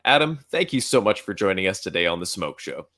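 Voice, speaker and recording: A man in his thirties hosting an interview, effusive with praise and quick to laugh. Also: deep voice, sing-song, bright, forceful tone. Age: 30s. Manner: effusive, laughs often, many fillers. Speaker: podcast host. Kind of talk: casual interview chat.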